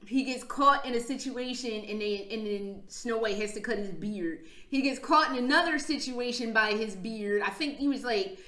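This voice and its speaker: High-voiced woman, slangy profane storyteller. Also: normal speed, hardly any pauses, bright, forceful tone. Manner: profane, slangy, laughing retelling. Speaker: vlogger. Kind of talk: casual storytelling vlog. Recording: echoey room.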